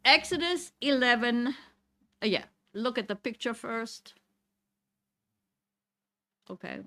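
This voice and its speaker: A woman's voice: a little high, lively intonation, slow, sharp tone. A woman teaching a Torah lesson to a congregation. She reads verses aloud, explains Hebrew words and keeps checking in with "Okay?". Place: synagogue classroom.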